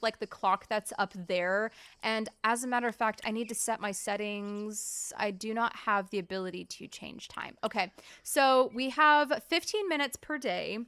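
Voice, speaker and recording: A woman's voice: on the high side, a bit bright, smooth, dry recording. A woman chatting casually to her viewers while she plays through a cozy farming game on a live stream. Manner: chatty and upbeat, addressing the chat. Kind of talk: casual live gameplay commentary.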